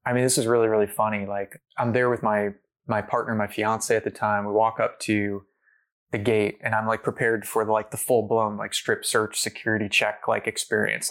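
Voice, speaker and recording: At a normal speed and a fairly low pitch, a man recounts a long personal story in casual conversation. He's an animated storyteller, packing his talk with fillers and acting out the things people said.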